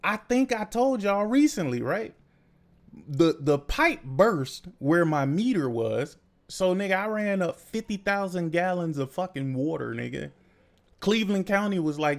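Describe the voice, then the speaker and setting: Podcast host, young adult male, gravelly and a bit high-pitched, profane storyteller. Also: measured pace. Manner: profane, animated storytelling with laughs. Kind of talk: casual chat.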